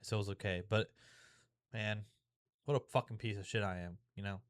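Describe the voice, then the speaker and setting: A man's voice: on the low side, steady tone, normal speed, no room sound, clean studio sound. A young man vlogging in a frank, rambling way, swearing often and restarting his sentences as he talks things through. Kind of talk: confessional vlog.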